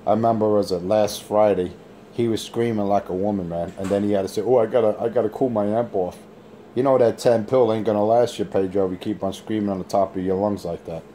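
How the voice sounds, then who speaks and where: A low-voiced man with a dark, mellow tone keys up his handheld radio mic to taunt the other operators. He boasts, mocks and drags his words out in a lazy drawl, sounding completely sure of himself. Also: fairly even intonation, fast talker, a little hiss or hum. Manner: boastful, taunting trash talk. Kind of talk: on-air radio banter.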